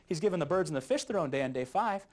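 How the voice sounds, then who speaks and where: Male youth Bible teacher, slightly higher voice, lively and joking delivery. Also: very fast. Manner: jokey, animated, chuckles at his own jokes.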